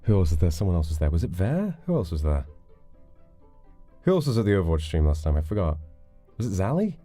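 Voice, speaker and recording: A man's voice: low-pitched, very animated, fast, dark tone, faint music behind. A man streaming live, rambling casually as he reads donations and chats, with casual swearing. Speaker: livestreamer.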